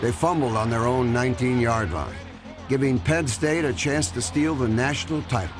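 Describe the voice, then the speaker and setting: A man narrating a sports documentary in a scripted, dramatic, measured style. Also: medium pitch, over music.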